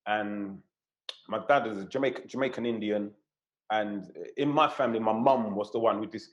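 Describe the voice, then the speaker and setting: Male host asking relaxed questions. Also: lowish voice, dull audio. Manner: leads the talk, asks guests questions. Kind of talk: casual chat.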